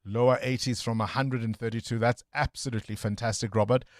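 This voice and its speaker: Man, radio talk host, chatty, upbeat, dry close mic, mid pitch. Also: steady tone, fast talker, no echo. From South Africa. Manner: upbeat, chatty, takes callers. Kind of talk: breakfast radio phone-in.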